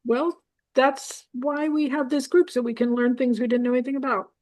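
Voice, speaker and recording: A woman's voice: high voice, steady tone, a little mellow. A woman facilitating a casual book discussion group, keeping the time and wrapping up the meeting. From New Orleans area. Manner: brisk, keeps time, reads aloud.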